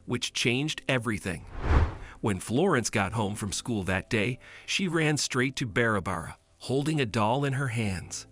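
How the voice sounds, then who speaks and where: A man reading a scripted story as narrator, with expressive storytelling. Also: medium pitch.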